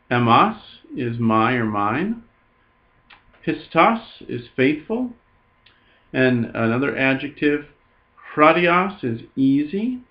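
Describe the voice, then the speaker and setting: A man teaching a Greek grammar lesson, explaining in an unhurried way with frequent "uh" fillers. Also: mid-range voice, highs cut off.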